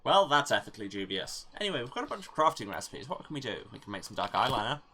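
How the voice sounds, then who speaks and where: A let's play host chatting casually over a game, self-mocking and quick to joke. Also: mid-range voice, very animated, bright, forceful tone, slight background noise.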